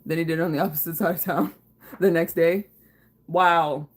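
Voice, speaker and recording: A woman's voice: lowish voice, steady tone, normal speed. Chatty woman livestreaming from her kitchen. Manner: casual and profane, laughing, chatty with frequent fillers. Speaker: livestream host. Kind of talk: casual livestream chat reading viewer comments. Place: home kitchen.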